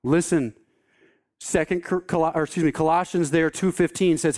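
A male pastor delivers a sermon with an emphatic, insistent manner. He often stops to tell his listeners to listen. His voice sits fairly high for a man. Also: steady tone, moderate pace, a little mellow.

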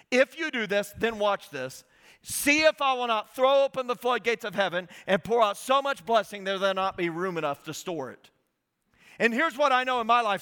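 A middle-aged man preaching a sermon in a church auditorium, with a high, bright, ringing voice. He tells his story in an animated way and acts out his own talks with God. The long reverb of a big hall trails after every phrase. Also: smooth. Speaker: guest speaker.

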